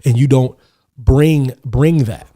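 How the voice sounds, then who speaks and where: A man hosting a podcast, chatting casually and telling animated stories with acted-out quotes. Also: medium pitch, takes it slowly. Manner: animated storytelling, acts out quotes. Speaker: podcast host.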